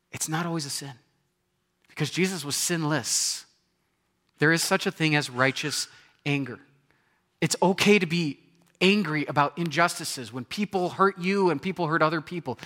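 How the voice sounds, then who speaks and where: A man preaching a sermon in a church, his voice bright and a little higher than most. He is animated, acting out little voices and moving between loud exclamations and hushed asides. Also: moderate pace, pauses often. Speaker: pastor.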